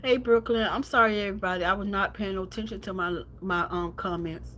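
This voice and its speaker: A woman's voice: medium pitch, fairly even intonation, brisk, bright, forceful tone, slight background noise. Woman telling a raw, profane story. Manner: raw, blunt, profane, with many repetitions. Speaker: livestreamer. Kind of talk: emotional personal storytelling on a livestream.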